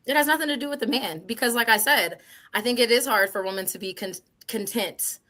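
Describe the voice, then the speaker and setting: A woman's voice: on the high side, brisk, bright, forceful tone. A woman on a podcast panel, explaining her side in earnest and repeating herself as she talks. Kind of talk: casual panel debate.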